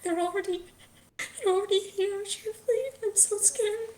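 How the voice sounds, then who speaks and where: A woman's voice: extremely high pitch, steady tone, a little slow, warm tone, roomy sound, slight background noise, pitched above the performer's own voice. A woman voicing a frightened, loving mother who pleads through tears in a tabletop game. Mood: sobbing, scared. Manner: tearful, pleading, tender.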